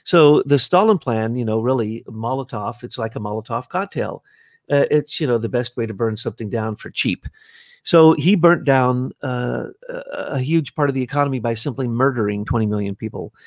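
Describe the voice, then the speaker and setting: A man hosting a podcast conversation in an animated, jokey way. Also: mid-range voice, normal speed, no echo, clean studio sound.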